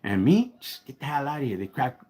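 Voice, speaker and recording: Host, male, Chicano English accent, mid-pitched voice, easygoing street-slang storyteller on a live stream. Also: sing-song, fairly quick, a little mellow. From Los Angeles, United States. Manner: slangy and laid-back, breaks off to thank viewers. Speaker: livestream host.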